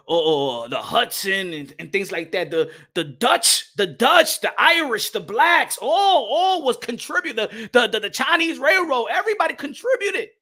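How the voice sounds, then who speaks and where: New guy ranting on his boxing stream, cussing, slangy, repeats himself, bright sharp voice. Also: sits high. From New York. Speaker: boxing show host. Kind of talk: heated livestream rant.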